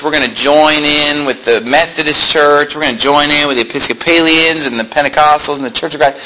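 A man's voice: on the high side, background noise. A man preaching a sermon as the pastor of his church, emphatic, conversational and combative.

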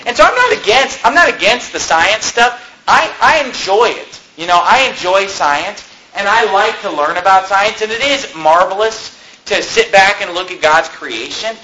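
A man preaching a sermon as pastor, animated and conversational, firing off rhetorical questions to his congregation. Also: high voice, normal speed, echoey room, a little hiss or hum, rough recording. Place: church.

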